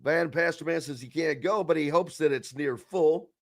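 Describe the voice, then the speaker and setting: A man's voice: a little high, normal speed, no echo, studio quality. A man hosting a sports talk radio show, chatting casually in a rambling way and reading listener comments aloud.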